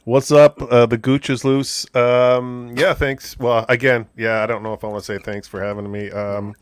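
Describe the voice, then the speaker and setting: A man joins a podcast panel with a relaxed, easygoing voice at a middle pitch. He jokes crudely and keeps things loose. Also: moderate pace, clean tone, no echo. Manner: laid-back, crude joking. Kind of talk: casual group chat.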